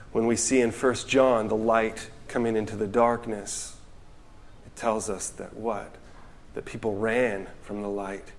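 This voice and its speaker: A man preaching a sermon in an earnest, reflective way, reading quotations aloud and dropping into softer asides. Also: fairly low pitch. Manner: earnest, reflective, reads quotes aloud, drops to soft asides. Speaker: pastor.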